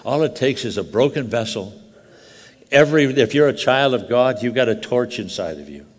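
An older man preaching a sermon, telling a story with animated, halting restarts that drop to quiet intensity. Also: mid-range voice, in a large hall.

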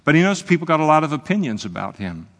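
A man preaching an evening sermon in an earnest, conversational way, often pausing with hesitations. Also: a little high, big pitch swings, long reverb tail. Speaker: pastor. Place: church service, evening.

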